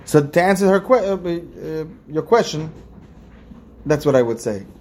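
A male rabbi gives an informal lesson in a chatty, repetitive manner, often checking in with "right?" The voice sits a touch high. Faint background hiss runs under the talk. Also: lively intonation, a little slow, a little mellow. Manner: conversational, repeats phrases and restarts, asks the listeners questions. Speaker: rabbi teaching a class.

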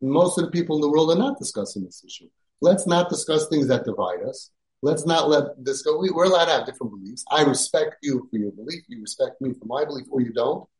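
A man hosting a parenting podcast, speaking emphatically and sprinkling in Yiddish and Hebrew words, rising to near-shouting when he scolds. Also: fairly high pitch, lively intonation, fast talker, roomy sound, low-quality recording. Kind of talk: podcast talk giving advice.

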